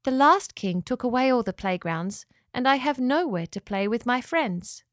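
A woman voicing a shy little girl who speaks quietly in a raised, higher voice. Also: animated, moderate pace, no room sound, studio quality, lightly acted.

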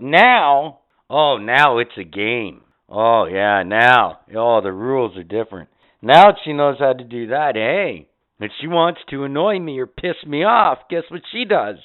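A male podcast host talks in a loose, profane rant, swearing freely as he tells his stories. His voice sits a touch high and comes through smooth and resonant. The recording is narrow and tinny, like a phone line. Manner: profane, animated storytelling.

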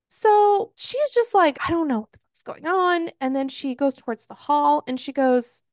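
Bright, animated woman swearing through a book recap. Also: high voice, dry recording, studio quality. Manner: swearing, animated retelling of a plot with put-on quotes. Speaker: podcast co-host. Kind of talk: casual book-review chat.

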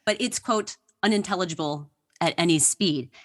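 A woman's voice: lowish voice, moderate pace. A woman guest on a podcast, telling history stories with enthusiasm and laughing often. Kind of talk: casual interview chat.

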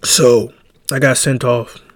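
A man's voice: mid-range voice, level tone, takes it slowly, no room sound. A young man hosting a solo podcast, telling a heated story in a rambling, profane way. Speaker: podcast host. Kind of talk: casual solo podcast monologue.

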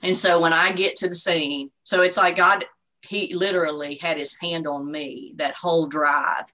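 A woman in her forties speaks in a deep register, yet her tone stays bright and forceful. She tells her story as an interview guest, earnest and faith-filled, with many "you know"s. Her manner is heartfelt personal testimony. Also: steady tone, moderate pace, rough recording. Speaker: guest, bereaved mother.

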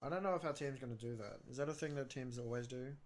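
A man's voice: medium pitch, fast talker. A young Australian man co-hosting a podcast, chatting casually, joking and swearing freely. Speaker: podcast co-host. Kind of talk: casual chat.

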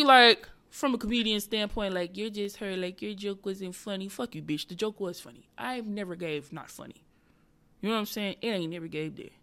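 A young woman comedian hosting her own podcast, telling a story in a casual, profane, animated way. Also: on the low side.

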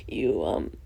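A young woman hosting a casual solo podcast, ranting in a profane, rambling way and laughing through her angry venting. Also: a bit bright. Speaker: podcast host.

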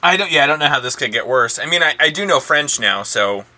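Bright, quick, wry podcast co-host. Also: medium pitch, lively intonation. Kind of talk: casual chat.

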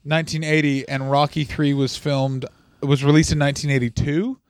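Un hombre de voz algo aguda cuenta anécdotas y discute con su compañero en un podcast de comedia. El sonido es seco y cercano al micrófono. Su tono es de charla informal y animada. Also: male voice, a little high, flat delivery, normal speed, dry recording. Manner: storytelling, argumentative banter. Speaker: podcast co-host. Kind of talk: casual comedic chat.

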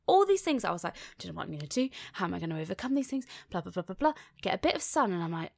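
Gravelly-voiced young woman chatting. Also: lowish voice, very fast, hardly any pauses. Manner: self-mocking, animated storyteller, swears freely. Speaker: podcast co-host. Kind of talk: casual chat.

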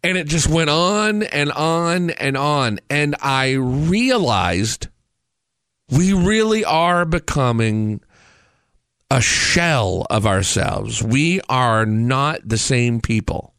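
This host, a man in his forties, tells stories and rants profanely for comedic effect, animated throughout. His mid-range voice is clean and unhurried, captured in studio quality with no room sound.

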